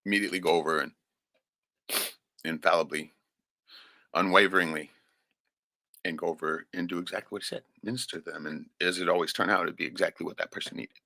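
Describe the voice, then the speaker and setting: Gravelly, husky man talking raw and profane. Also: low voice, pushed and bright, no room sound. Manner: profane and raw, with frequent "right?" tags. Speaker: livestream host. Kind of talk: emotional, unscripted stream monologue.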